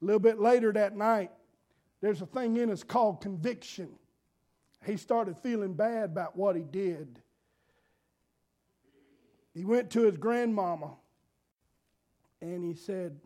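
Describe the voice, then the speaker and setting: A man's voice: high-pitched, a little slow, long pauses, dark tone. A man preaching a folksy sermon, telling homespun stories in an earnest, repetitive way. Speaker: pastor.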